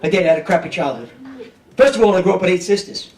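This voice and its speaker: A man's voice: high-pitched, lively intonation, rapid-fire. A man, doing a streetwise stand-up set in a comedy club and often checking in with the crowd. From Brooklyn, New York. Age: 50s. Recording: echoey club, mic heard from a distance, audience noise.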